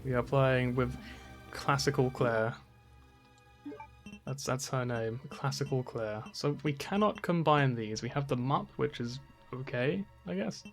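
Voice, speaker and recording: A man's voice: medium pitch, a little slow, faint music behind. A man streaming a video game, chatty and self-deprecating, swearing and laughing often. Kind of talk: casual game commentary.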